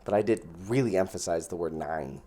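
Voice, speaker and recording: A man's voice: low voice, fairly quick, dark tone. A man giving casual gameplay commentary as host, thinking aloud and counting out his mana as he plays. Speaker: gaming channel host.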